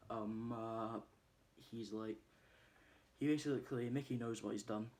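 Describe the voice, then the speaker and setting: Man, lowish voice, loose rambling plot recap full of fillers. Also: little pitch movement, measured pace, long pauses, darkish tone. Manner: rambling, many ums and uhs, laughs while retelling scenes. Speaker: movie reviewer.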